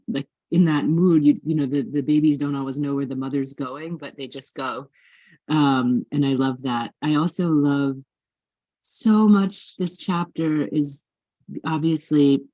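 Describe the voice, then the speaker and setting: A woman talks earnestly in a devotional class, pausing on fillers and restarting her phrases. Her voice sits in a middle range. The audio is dry and dull, like video-call sound. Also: low voice, darkish tone, no echo. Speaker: class participant.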